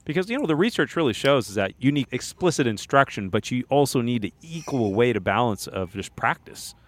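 A man's voice: medium pitch, sing-song, a little fast. A man hosting a podcast interview, asking follow-up questions and laughing along with his guest. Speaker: podcast host. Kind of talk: casual interview.

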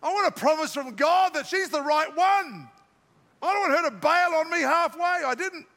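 Older Australian pastor, high bright voice. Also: male voice, normal speed, in a large hall. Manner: joking, self-mocking asides. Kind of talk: sermon. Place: large church auditorium.

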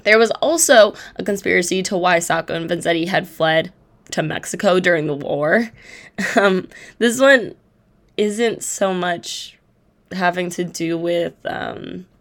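A woman's voice: fairly low pitch, unhurried. A woman hosting a podcast, retelling a historical case in a casual, chatty way with irreverent asides. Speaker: podcast host. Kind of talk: casual true-crime storytelling.

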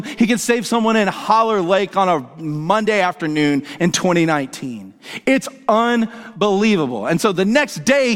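A male pastor preaching a sermon and telling a story, animated and excitable, acting out the dialogue as he goes. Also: very high voice. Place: church sanctuary. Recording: long hall reverb from the church.

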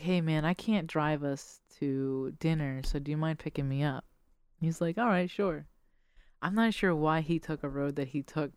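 A woman podcast host telling a casual story with animated quoted voices and frequent laughs. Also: low voice, clear, resonant tone, no echo, studio quality.

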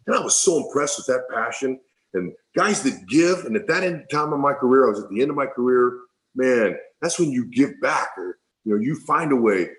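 A man's voice: medium pitch, animated, fairly quick, a bit bright, poor audio. A middle-aged man, a former ballplayer, telling a heartfelt story in an interview, rambling and repeating himself. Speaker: former baseball player, guest.

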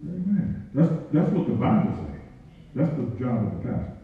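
A man's voice: mid-range voice, very animated, moderate pace, slight background noise. A male pastor preaching a folksy, joking sermon to his congregation, laughing often. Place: church sanctuary. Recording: echoey church heard from a distance, dull sound.

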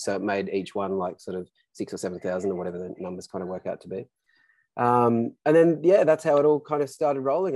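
A man's voice: mid-range voice, dry recording, low-quality recording. A middle-aged Australian man telling his business story in a casual interview, rambling, full of "um" and "you know", and frank. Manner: rambling, filler-heavy, relaxed and frank. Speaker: business founder guest.

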